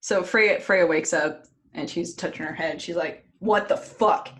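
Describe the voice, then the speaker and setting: A woman with a somewhat low voice co-hosts a casual podcast. She tells stories in a lively, giggly way and swears freely. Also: moderate pace. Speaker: podcast co-host. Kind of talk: casual chat.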